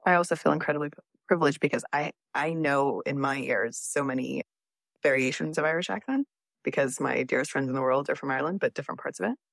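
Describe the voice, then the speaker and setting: A woman's voice: sits low, quick pace, creaky, no echo. A woman from Texas chatting enthusiastically on a podcast, gushing about what she loves. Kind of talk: casual chat.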